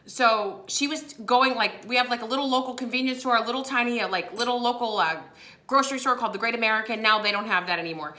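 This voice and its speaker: A woman in her thirties telling a personal story to her viewers in a chatty way, acting out what others said. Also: medium pitch. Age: 30s. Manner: chatty, lively, acts out quotes with laughs. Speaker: vlogger. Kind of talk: casual storytelling to camera.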